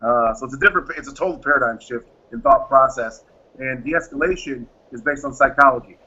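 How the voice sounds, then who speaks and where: A man's voice: mid-range voice, fairly quick, sharp tone, slightly rough. A man who founded a private security firm, answering interview questions in an emphatic way and acting out the exchanges he describes. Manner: emphatic, acts out quoted exchanges. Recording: dull lo-fi audio.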